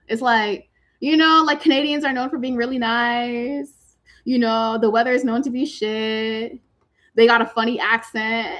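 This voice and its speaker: Woman from Massachusetts, slightly high voice, slangy livestream chatter, computer mic. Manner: chatty, slangy, lots of "like" fillers, teasing viewers. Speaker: livestream host answering chat questions. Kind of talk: casual livestream chat. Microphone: computer mic on a video stream.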